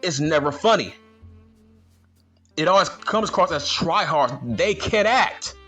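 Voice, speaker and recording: A man's voice: a little high, animated, measured pace, bright, forceful tone, slightly rough, soft background music. A man ranting in a vlog, indignant and slangy, firing the same rhetorical questions again and again. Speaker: vlogger.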